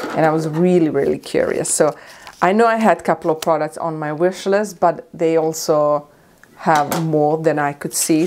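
A woman beauty vlogger unboxing gifts in a casual, excitable and emotional way. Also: sits low, creaky, a little hiss or hum. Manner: excitable and emotional, squealing with delight.

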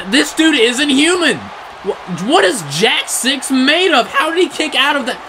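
A man giving excited play-by-play wrestling commentary, often shouting in disbelief, his voice getting strained. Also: extremely high pitch, normal speed, a little hiss or hum, low-quality recording.

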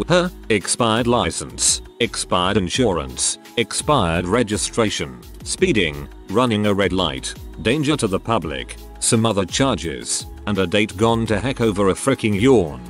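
A man reading online stories aloud as a narrator, in a matter-of-fact storytelling way. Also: fairly low pitch.

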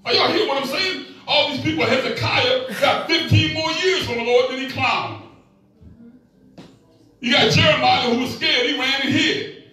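A man's voice: very high voice, normal speed, bright, forceful tone, a little hiss or hum. A middle-aged male pastor preaching a sermon, with call-and-response to the congregation and playful asides. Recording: echoey room, mic at a distance.

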